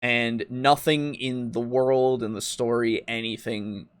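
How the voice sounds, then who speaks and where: Young guy cohosting a podcast, mid-pitched voice, laughs a lot, jumps into loud squeaky bits when he acts stuff out. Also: fairly even intonation, slow pace, clean tone. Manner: laughs often, acts out quotes with sudden loud high bursts. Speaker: podcast co-host. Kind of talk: casual chat.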